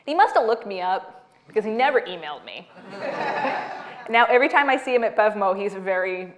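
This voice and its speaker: Lively woman author at a library talk; an animated storyteller who laughs a lot. Mid-pitch voice. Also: moderate pace, crowd noise. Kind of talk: talk and audience Q&A.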